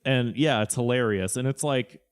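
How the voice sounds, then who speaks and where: A man's voice: medium pitch, normal speed, clear, resonant tone. Male podcast co-host, casual comedic chat, ranting, mock-condescending bits. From Chicago area.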